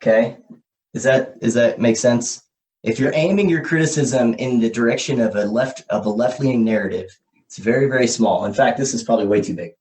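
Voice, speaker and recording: A man's voice: mid-range voice, brisk, a little mellow. Man, podcast host, casual explainer, stream-of-consciousness talk, checks in often. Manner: thinks aloud in a stream of consciousness, checking in with "okay?" and "right?". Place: room with a whiteboard.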